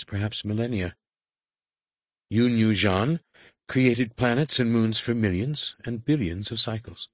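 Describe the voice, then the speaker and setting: A man's voice: fairly low pitch, dry recording, pitched above the performer's own voice. A man doing a humble young female adept. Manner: deferential, cautious.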